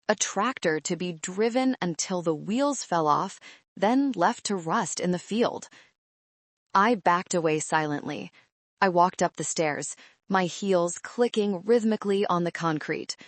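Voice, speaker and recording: A woman reading a first-person story in a measured, calm narration. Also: lowish voice, no echo.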